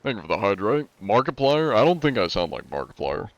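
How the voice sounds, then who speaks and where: Low monotone raspy man, muffled. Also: fairly quick. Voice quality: raspy-ish, not smooth. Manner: monotone, heavy on filler words. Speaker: streamer. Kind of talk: casual live-stream chat.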